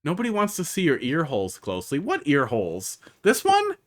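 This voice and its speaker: A man's voice: on the high side, wildly swooping pitch, a little fast. A man with a Wisconsin accent, chatting casually as a streamer while he plays and answers chat. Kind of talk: casual live-stream commentary.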